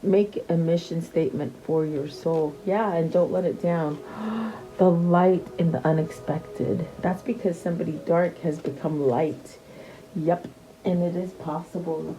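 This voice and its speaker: A woman's voice: lowish voice, unhurried, mellow, low-quality recording. A woman giving a casual tarot reading, chatty and repeating her questions to the cards, with many fillers and restarts. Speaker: tarot reader.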